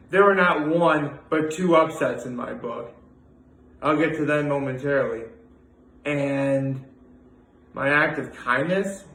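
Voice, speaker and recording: A man's voice: on the high side, bright, forceful tone, roomy sound, poor audio. A young man rambling through a casual daily vlog, full of fillers and restarts. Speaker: vlogger.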